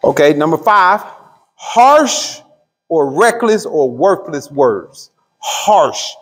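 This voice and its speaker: Man, pastor, Bible study teaching, slow stretched words, echoing hall. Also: a little high, expressive, husky. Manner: call-and-response questions to the room; drawls key words slowly. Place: church hall. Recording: long hall reverb.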